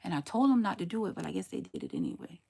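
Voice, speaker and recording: A woman's voice: lowish voice, racing, gravelly, husky. An older woman, a grandmother live-streaming and answering chat comments in a blunt, scolding, sarcastic way. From southern United States. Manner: blunt, scolding, sarcastic warnings with lively swings. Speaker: livestreamer.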